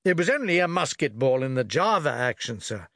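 A man voicing a wounded navy captain who speaks in a low, plain, deferential way. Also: sing-song, fairly quick, a bit bright, no echo, studio quality. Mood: steady. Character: wounded tall male post captain, steady and plain.

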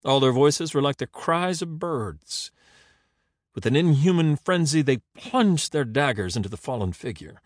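A man narrating an audiobook in an expressive, dramatic reading. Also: medium pitch, moderate pace, dry recording, studio quality.

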